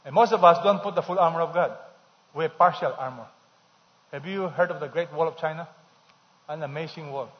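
A man's voice: on the high side, fairly quick, long pauses. A man preaching a sermon, emphatic, repeating key phrases and leading the congregation in call-and-response. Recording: dull sound with long hall reverb.

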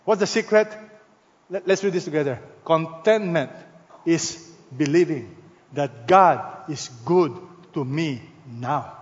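A man preaching a sermon as pastor, leaning hard on stressed words and swinging between loud emphasis and hushed, slow phrases. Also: fairly high pitch, long reverb tail, muffled recording.

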